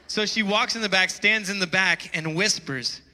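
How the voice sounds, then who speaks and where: A man's voice: high-pitched, flat delivery, normal speed, bright, forceful tone, in a large hall, poor audio. A man preaching a sermon in a church, telling a story and calling his listeners with emphatic, rising appeals to wake up. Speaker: pastor. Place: church hall.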